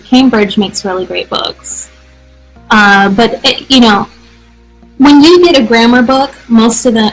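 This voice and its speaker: An American woman hosting a live English practice show, answering viewer questions in an energetic, chatty way. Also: mid-range voice, low-quality recording. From United States. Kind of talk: casual live-stream teaching.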